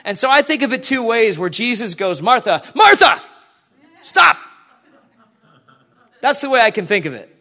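High-pitched guy preaching in church, chatty and lively, keeps asking the crowd stuff. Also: fast talker. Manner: conversational, animated, asks the congregation questions. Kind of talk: sermon.

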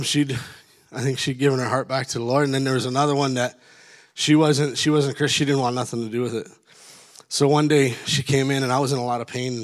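A man's voice: medium pitch, fairly bright tone. A middle-aged man from Canada telling a long personal story in a casual, rambling way, with many restarts and laughs at his own tale.

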